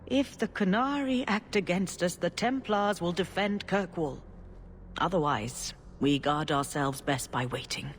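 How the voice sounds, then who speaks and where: A woman voicing a serene older female church leader in a video game, with a calm, measured, sermonizing delivery. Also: fairly low pitch, slight background noise, close to an everyday voice. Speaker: grand cleric.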